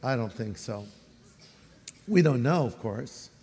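A man with a Californian accent preaching a sermon as a pastor, animated and acting out the voices he quotes. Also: mid-range voice, slow, long reverb tail, slight background noise.

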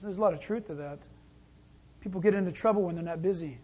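High, husky-voiced folksy preacher. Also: male voice, quick pace, warm tone. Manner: folksy, conversational preaching with acted asides. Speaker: pastor. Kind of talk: sermon.

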